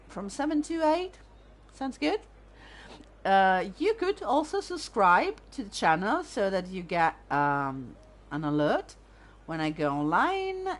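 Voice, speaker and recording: A woman streaming a video game, chatting casually and thinking aloud as she plays. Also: medium pitch. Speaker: let's-play streamer. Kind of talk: casual gameplay commentary.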